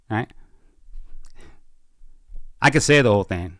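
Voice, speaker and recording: A man's voice: mid-range voice, lively intonation, no room sound, studio quality. Fervent man hosting a political podcast. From Washington State. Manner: fervent, builds to emphatic slow declarations. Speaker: podcast host. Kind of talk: impassioned political talk. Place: small home studio.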